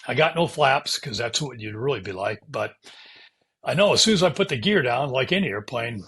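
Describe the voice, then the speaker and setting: Fairly quick and animated, an older American former fighter pilot tells stories in an interview with a medium-pitched, fairly bright, slightly rough voice. He acts out radio calls and hissing brake sounds and swears casually along the way.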